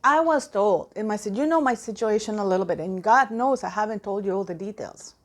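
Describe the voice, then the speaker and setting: A woman's voice: mid-range voice, brisk. A woman giving impassioned, indignant commentary to her viewers, often repeating phrases for emphasis. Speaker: commentary vlogger.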